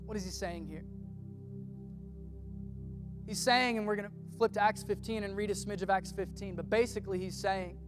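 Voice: mid-range voice, fairly even intonation, moderate pace, pauses often. Casual slangy preacher over faint music. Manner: casual, slangy preaching that acts out biblical figures. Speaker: pastor. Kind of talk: sermon.

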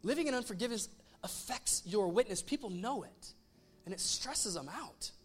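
A pastor preaching a casual, animated sermon, retelling a story with voiced asides. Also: male voice, high voice, normal speed, breathy edge, soft background music.

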